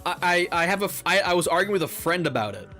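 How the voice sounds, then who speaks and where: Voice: medium pitch, sing-song, fast, bright, forceful tone, faint music behind. A gaming YouTuber ranting over gameplay in a heated, profane way, often repeating words.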